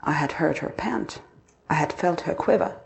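A woman narrating a dark first-person literary story, expressive and dramatic. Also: sits low, moderate pace, creaky.

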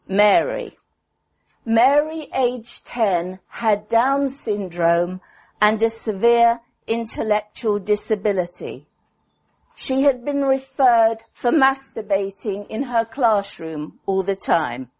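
Female psychotherapist presenting a written paper; slightly higher voice, unhurried, deliberate delivery. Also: a little mellow. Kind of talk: reading a prepared clinical paper aloud.

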